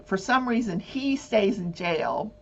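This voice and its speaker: Husky woman, lively swooping voice, casual trial recap, dull lo-fi recording. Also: mid-range voice, unhurried. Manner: animated, acts out voices and swears. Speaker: talk show host. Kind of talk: casual true-crime commentary.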